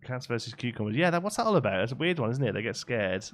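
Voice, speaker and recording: A man's voice: mid-range voice, sing-song, quick pace. A man chatting casually on a live game stream, reading and answering chat as he builds.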